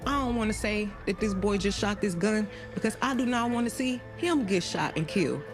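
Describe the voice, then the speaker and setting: A woman voicing an adult woman who bluntly recounts being shot, in profane first-person narration for an animated video. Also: mid-range voice, a little fast, close to an everyday voice. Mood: shaken. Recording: narration over loud music.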